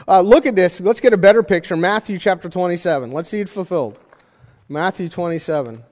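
A man preaching a sermon in a conversational style, with jokey asides and animated emphasis. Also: high voice, fairly quick, big-room sound. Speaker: pastor.

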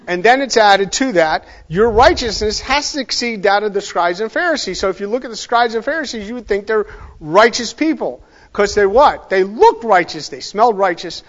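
A man's voice: sits high, a bit bright, dull audio. A man giving an informal verse-by-verse Bible lesson, speaking conversationally and emphatically, drifting into asides and correcting himself as he goes. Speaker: Bible teacher.

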